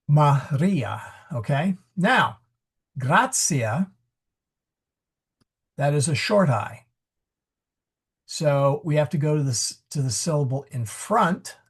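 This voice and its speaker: Slow gravelly man teaching online. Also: mid-range voice. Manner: chatty, self-correcting, joking aside. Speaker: Latin pronunciation teacher. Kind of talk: online class lesson with questions. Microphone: video call.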